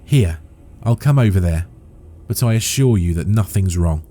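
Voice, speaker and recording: A man's voice: low voice, expressive, normal speed, dark tone. A man voicing a teasing, prankish young male friend.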